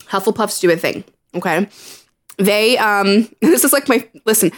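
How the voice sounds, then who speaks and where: A young woman co-hosting a podcast in casual chat, an animated storyteller who acts out what others said. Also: mid-range voice, normal speed. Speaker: podcast co-host.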